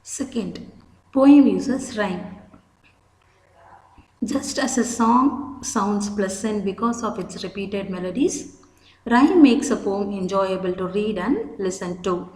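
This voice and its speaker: A woman's voice: mid-range voice, expressive, slow pace, a little mellow, echoey room, poor audio. A woman teaching a literature lesson, patiently explaining terms and spelling words out. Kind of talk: slow explanatory lecture.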